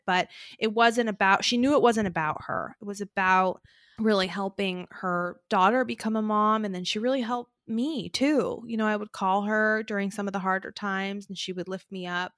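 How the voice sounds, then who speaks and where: A woman co-hosts a podcast and tells a story in a relaxed, earnest way. Her voice sits at a middle pitch. The sound is dry and close, with no room echo. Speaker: podcast co-host. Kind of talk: casual heartfelt podcast talk.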